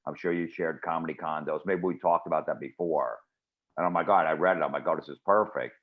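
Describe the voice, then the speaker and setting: A man's voice: a bass voice, fast. A man guest comedian telling rambling, dry anecdotes in a casual chat. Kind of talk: casual storytelling. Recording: dull lo-fi audio.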